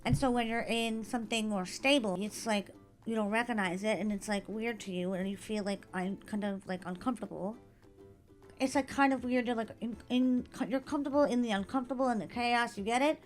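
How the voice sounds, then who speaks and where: A woman co-host with a slightly high voice chats casually, firing off questions, reacting with disgust, and earnestly explaining her take. Faint music sits behind her. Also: fairly quick.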